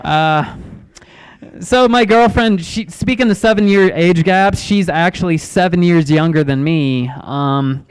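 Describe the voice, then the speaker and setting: A man in his thirties doing a stand-up comedy set in a club, awkward and self-deprecating, halting with ums and restarts. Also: high-pitched, smooth, poor audio. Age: 30s.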